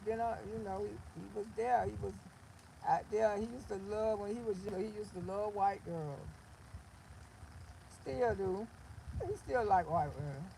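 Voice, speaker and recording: An older woman hosting a livestream, talking casually in a blunt, animated storytelling way. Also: mid-range voice, gravelly, a little hiss or hum, rough recording. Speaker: livestream host.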